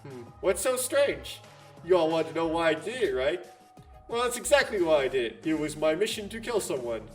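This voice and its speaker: A man voicing a young male boxer who admits to a murder, speaking in a flat, resigned way, reading game lines aloud. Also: a little high, moderate pace, faint music behind. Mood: smug. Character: male teen boxer, calm killer turned cold.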